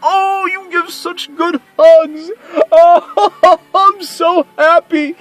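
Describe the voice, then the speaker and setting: A man voicing a jolly, overjoyed old Santa Claus, high-pitched, loud and gushing. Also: fairly even intonation, extremely slow, exaggerated voice, rough recording. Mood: delighted.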